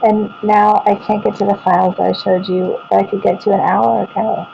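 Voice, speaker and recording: A middle-aged woman with a Texan accent talks calmly to her viewers at home, rambling and often restarting her sentences. Her voice has a gravelly edge. The recording is muffled and lo-fi, with a steady hiss of noise behind her. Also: medium pitch, fairly quick. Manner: calm, even and rambling, often trailing off and restarting. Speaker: vlogger. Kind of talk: casual talk to camera while showing her computer screen. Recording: dull lo-fi home recording with clear background noise.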